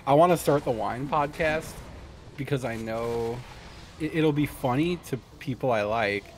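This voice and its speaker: A man's voice: mid-range voice, a little slow, a little hiss or hum. A man streaming, joking crudely with friends in casual chat.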